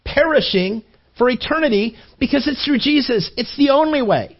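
A man's voice: very high voice, expressive, normal speed, husky. A man preaching a sermon, telling a story in an earnest way and repeating words as he builds. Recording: dull lo-fi recording.

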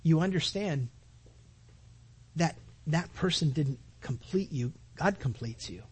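A man delivers a sermon in a somewhat high, husky voice. He speaks earnestly, repeats key phrases, and swells to forceful, emphatic climaxes before dropping back to a gentler tone. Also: expressive, slow pace. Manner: earnest preaching, repeats phrases and rises to loud emphatic peaks. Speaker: pastor.

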